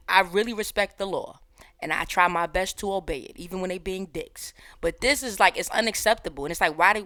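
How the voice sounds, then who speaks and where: A young adult woman hosting a reaction video, chatting casually in heavy slang and bursting into loud outbursts. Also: mid-range voice, no echo, studio quality.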